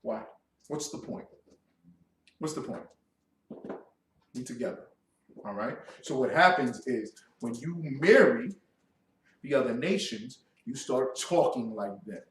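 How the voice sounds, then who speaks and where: A man giving a class lecture in an animated, mocking, confrontational way, with loud outbursts. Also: medium pitch, a little slow, long pauses, a little hiss or hum. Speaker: class instructor. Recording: echoey room, mic far off.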